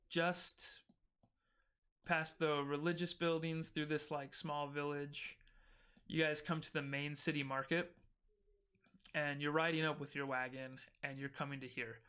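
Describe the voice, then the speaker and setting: A man runs a homebrew tabletop adventure as game master, narrating in a loose, casual way with plenty of fillers. His voice sits a little high, bright and crisp. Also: steady tone, slow pace, long pauses.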